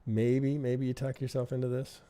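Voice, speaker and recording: A man's voice: mid-range voice, completely flat delivery, normal speed, warm tone. A man teaching trading on a live stream, reviewing charts in a chatty way and often asking "right?". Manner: conversational, keeps asking "right?", thinks aloud. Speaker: trading instructor.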